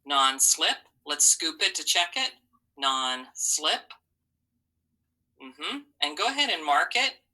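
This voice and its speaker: A woman teaching a phonics lesson to young children, slowly sounding out letters and syllables with encouraging praise. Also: lowish voice, very animated, sharp tone, slightly rough, rough recording.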